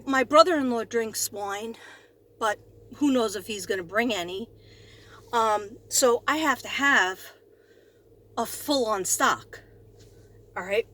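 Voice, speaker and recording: A middle-aged woman vlogging from her car, rambling in a scattered, self-mocking way. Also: on the high side. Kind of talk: rambling casual vlog chat. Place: inside a parked or moving car. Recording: car noise behind the voice.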